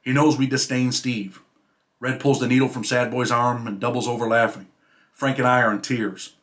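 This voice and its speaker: A man reading aloud from his own memoir about prison life, in a steady storytelling way. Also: mid-range voice, normal speed. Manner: steady storytelling read, dropping quieter at sentence ends.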